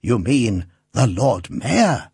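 A man's voice: mid-range voice, very animated, slow pace, creaky, darkish tone, slightly rough, no room sound, clean studio sound, exaggerated voice. A man reading the part of a good-natured old male instrument maker who muses and teases fondly. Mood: cheerful teasing. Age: older. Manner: fussy, musing, kindly teasing.

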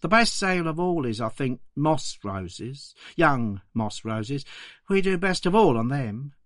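A man's voice: mid-range voice, big pitch swings, unhurried, dry recording, clean studio sound. A man voicing a poor young orphan flower girl with an English accent, answering plainly and politely in a documentary reading. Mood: earnest. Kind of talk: documentary reading of a quoted interview.

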